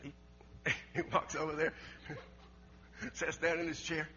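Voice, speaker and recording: A middle-aged man, preaching a storytelling sermon. He talks in a folksy way, repeats words, laughs often, and swings from loud to hushed. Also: on the high side, flat delivery, takes it slowly, muffled recording, a little hiss or hum. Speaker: pastor.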